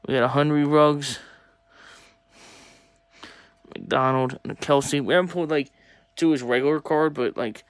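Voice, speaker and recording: A young man talking casually to viewers while opening sports cards, chatty and excitable. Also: fairly high pitch, a little fast, smooth, no room sound. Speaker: sports card collector opening packs. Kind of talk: casual pack-opening vlog.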